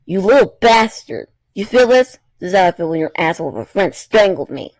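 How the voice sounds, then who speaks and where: Man putting on a vengeful young woman, furious, shouting, high-pitched, gravelly. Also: sing-song, moderate pace, no echo. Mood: enraged. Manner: shouting insults, raised pitch.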